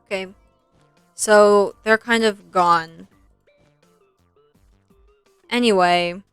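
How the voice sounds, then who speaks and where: Young woman, streamer, smooth clear voice, rambling filler-heavy chat, dry close-miked sound, soft music behind. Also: medium pitch, moderate pace, long pauses, dry recording. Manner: chatty, scattered, filler-heavy, swears at the game. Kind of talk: casual gaming stream chat while retelling a film.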